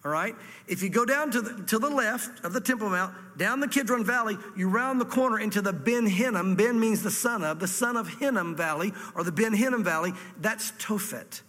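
A man's voice: high-pitched, fairly quick, pushed and bright, big-room sound. A man from Virginia with a Southern accent, a pastor teaching a sermon through scripture with folksy asides. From Virginia, USA. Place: church hall before a congregation.

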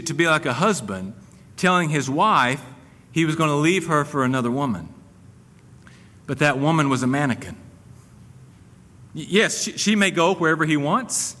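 A man preaching a sermon in an animated, conversational way, with humor and frequent restarts. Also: fairly high pitch. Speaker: pastor. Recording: long hall reverb.

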